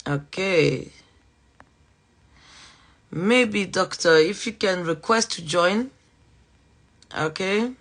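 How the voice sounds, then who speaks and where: A woman's voice: on the low side, drawn-out words, long pauses. A woman with a French accent, a teacher hosting a live podcast interview, chatty and full of fillers and apologies. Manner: chatty, warm-hearted, apologetic, with many fillers. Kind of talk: live-streamed conversational interview.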